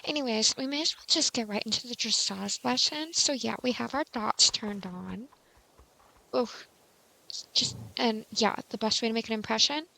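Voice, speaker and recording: A woman hosting a casual game tutorial, chatty and rambling with many fillers, and quick to mock herself. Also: fairly high pitch, gravelly, sharp tone. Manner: self-mocking.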